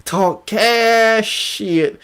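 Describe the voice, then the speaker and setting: A woman's voice: medium pitch, very slow, fairly bright tone, clean tone. A woman hosting a commentary channel, reacting to online drama in an exclamatory way, repeating phrases and laughing often.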